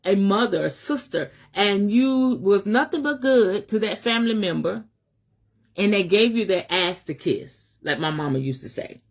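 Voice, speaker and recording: A woman's voice: mid-range voice, expressive, normal speed. A middle-aged woman, a spiritual advisor giving a fiery, emphatic live message with a preacher's cadence, speaking in African American Vernacular English and swearing freely.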